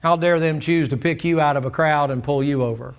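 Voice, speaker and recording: A man's voice: fairly high pitch, a little fast, smooth. A man preaching a sermon in a church, folksy and plainspoken, acting out the dialogue of the people in his story. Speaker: pastor. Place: church sanctuary.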